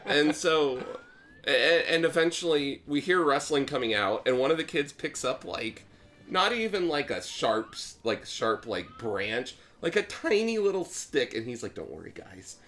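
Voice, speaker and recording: Animated young man telling a story. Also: on the high side, unhurried. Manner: animated, rambling, acts out quotes. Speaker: podcast co-host. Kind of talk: casual storytelling while gaming.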